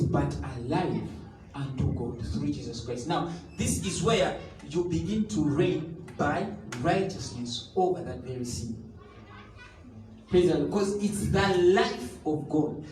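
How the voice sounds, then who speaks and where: A man's voice: sits high, a little mellow, far from the mic. A man preaching a sermon, emphatic and repetitive, now and then breaking into tongues or sung phrases. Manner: emphatic, repeats key phrases, bursts into tongues and sung lines. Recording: echoey room, voice somewhat off the mic, faint noise.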